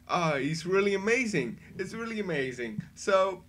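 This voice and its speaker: A man giving a casual spoken review, rambling and excitable, often laughing between his thoughts. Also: on the high side, a little slow, few pauses, a little hiss or hum. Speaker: anime reviewer.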